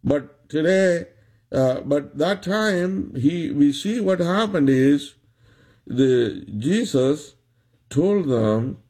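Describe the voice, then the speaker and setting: A man preaching a sermon, retelling a story in a slow, halting way with many restarts. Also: a little high, animated, darkish tone, breathy edge.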